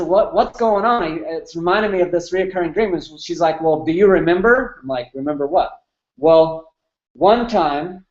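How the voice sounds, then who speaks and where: A man's voice: on the high side, darkish tone, roomy sound, highs cut off. A man in his thirties telling a candid, emotional personal story as an interview guest, with many fillers. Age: 30s.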